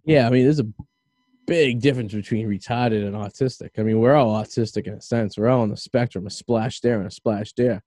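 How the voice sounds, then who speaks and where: A man's voice: medium pitch, a little fast, warm tone, dry recording, studio quality. A man hosting a radio talk show in casual chat, rambling loosely with lots of fillers and restarts.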